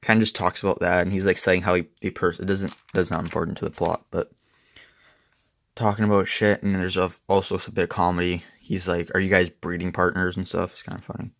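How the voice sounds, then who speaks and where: A man's voice: sits low, flat delivery, fairly quick, creaky, no room sound. A young man reviewing a comic book in casual, rambling, profane chat, full of "like" and "and stuff". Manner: rambling, profane, filler-heavy.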